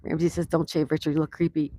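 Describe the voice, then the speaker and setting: A woman's voice: low-pitched, little pitch movement, fast, dry recording. A woman hosting a casual outdoor live stream, reading viewer comments aloud and chatting back to them. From USA. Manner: reads viewer comments aloud and chats warmly. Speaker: livestream host.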